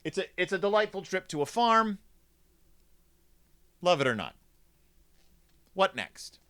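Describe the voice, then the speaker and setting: A man's voice: sits high, very animated, measured pace, a bit bright. A man hosting a comedic review of a children's book, talking in a snarky, rambling way.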